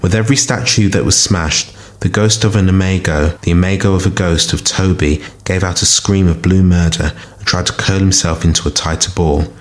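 Deep-voiced man narrating dark fiction. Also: steady tone, moderate pace, hardly any pauses. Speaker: story reader.

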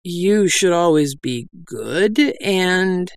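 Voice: lively intonation, extremely slow, smooth, no echo, studio quality. A reader voicing a timid male hymnal merchant who stammers and quavers in a nervous, aggrieved voice. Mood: flustered. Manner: quavering, high and hesitant.

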